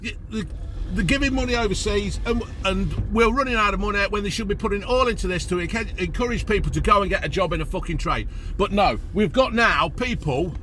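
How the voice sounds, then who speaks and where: A man's voice: high-pitched, brisk, pushed and bright, slight background noise. Sweary man ranting in a car. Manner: blunt, heavy swearing, exasperated. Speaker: vlogger. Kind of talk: ranting to camera. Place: parked car in a car park.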